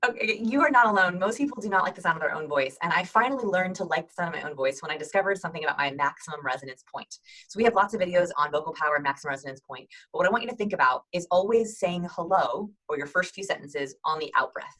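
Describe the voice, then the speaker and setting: In an upbeat instructional video with a rough recording, a woman hosts video call tips, talking brightly and fast in a slightly low voice. She coaches viewers with lively energy and breaks into quick demonstrations of greetings.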